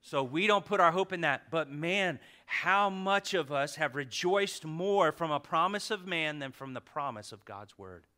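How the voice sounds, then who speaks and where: Man preaching, casual sermon, bright ringing voice, slightly high, loud-to-hushed swings. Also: measured pace, few pauses. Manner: lively, swings from loud exhortation to hushed emphasis.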